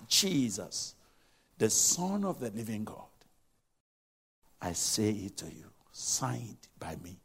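Slow, animated preaching man. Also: fairly high pitch, husky. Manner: emphatic, swings between loud exhortation and hushed asides, repeats phrases. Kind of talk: sermon.

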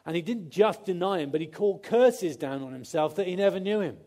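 A man's voice: sits high, a little fast, warm tone. A man preaching a conversational sermon, often acting out quotes and restarting his sentences.

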